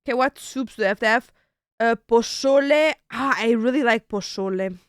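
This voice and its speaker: Young woman streamer, casual and chatty, a bit of swearing, slightly high, dry close sound. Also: normal speed, clear, resonant tone, no room sound. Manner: chatty, swears casually, thinks aloud while ordering food. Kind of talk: casual chat to stream viewers.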